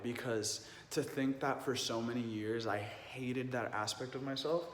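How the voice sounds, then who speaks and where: A man's voice: mid-range voice, fairly even intonation, unhurried, few pauses, slight background noise. A young adult man telling a personal story earnestly and emotionally, with lots of "like" fillers. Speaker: vlogger. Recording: echoey room with long reverb, faint ambience.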